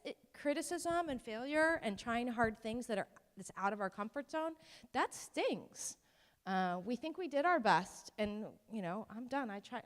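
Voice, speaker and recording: A woman giving an informal talk to parents, conversational, with ums and self-deprecating asides. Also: mid-range voice. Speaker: presenter at a parent workshop. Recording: long hall reverb.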